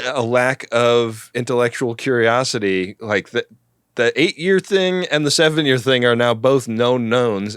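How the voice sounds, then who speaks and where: A man's voice: medium pitch, fairly bright tone, clear, resonant tone, dry recording, studio quality. Wry male podcast co-host. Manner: wry, laughs along, curious asides. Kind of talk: casual comedic chat.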